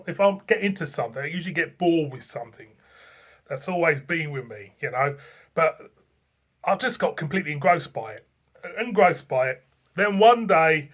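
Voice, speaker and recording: A man's voice: on the high side, a bit bright. A man, hosting a beer review channel, tells a rambling, chatty story full of fillers and repeated phrases. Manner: rambling, repeats himself, frequent fillers and chuckles. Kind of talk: casual anniversary vlog storytelling.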